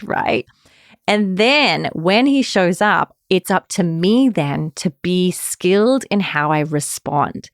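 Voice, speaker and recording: A woman therapist talks through her podcast episode in a relaxed, conversational way. She keeps checking in with the listener as she explains. Her voice sits a little low and sounds close and dry, with no room around it. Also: dry recording. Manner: conversational, often checking in with "right?". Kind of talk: podcast talk.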